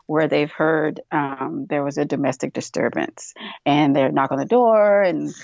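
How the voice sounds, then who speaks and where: A woman's voice: sits low, measured pace, vocal fry, darkish tone, no room sound, dull audio. A woman co-hosting a casual podcast discussion, chatty with many fillers, acting out quoted voices as she explains. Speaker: podcast co-host.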